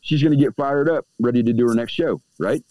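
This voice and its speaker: A man's voice: mid-range voice, fairly quick, dark tone, dry recording. A man talking as a guest in a casual podcast conversation about everyday magic, who smokes a cigar as he talks and acts out the people he quotes. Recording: dull, dry lo-fi audio.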